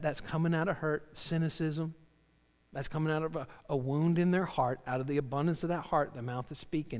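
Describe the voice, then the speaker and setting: A man preaching a sermon in an earnest way, often repeating words as he starts a line. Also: fairly high pitch. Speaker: pastor. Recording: long reverb of a large hall.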